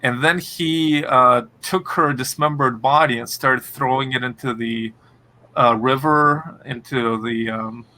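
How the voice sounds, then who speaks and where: A man's voice: mid-range voice, unhurried, pushed and bright. A man co-hosting a podcast, chatting casually with many fillers and restarts. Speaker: podcast co-host. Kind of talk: casual chat.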